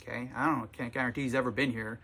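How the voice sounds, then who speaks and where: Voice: medium pitch, steady tone, rapid-fire, a bit bright. A tired comic shop owner talking in a casual vlog from the small shop, exasperated and sarcastic, swearing freely.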